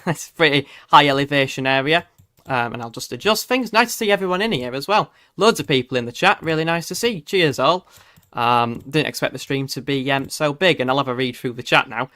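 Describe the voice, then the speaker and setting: A man's voice: mid-range voice, pushed and bright, no echo, clean studio sound. A man hosting a casual live weather stream, chatty and hesitant with many fillers, laughing easily as he reads the chat. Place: home room.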